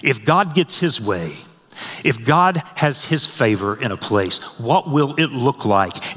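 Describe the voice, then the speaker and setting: A man preaching a sermon, swelling loud and high on scripture and dropping soft and low for personal stories. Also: expressive, slow pace. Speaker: pastor. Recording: long hall reverb.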